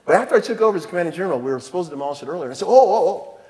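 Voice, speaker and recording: Man, fifties, keynote speech, anecdotal, self-deprecating, chuckling, slightly high voice, long hall reverb. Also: expressive, racing. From El Paso, Texas. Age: 50s. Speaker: commanding general giving a keynote. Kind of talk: keynote speech, personal storytelling. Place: theatre stage before an audience.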